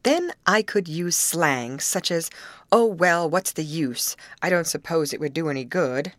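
A woman's voice: deep voice, lively intonation, a little slow, no echo. A woman reading aloud voices a brave teenage girl who speaks grimly and frankly. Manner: grim and frank.

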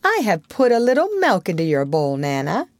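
A woman's voice: on the low side, wildly swooping pitch, moderate pace, dry recording. A woman playing a pompous, sulky father. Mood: coaxing. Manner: blustering and self-pitying. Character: pompous, sulky middle-aged father, proud and childish.

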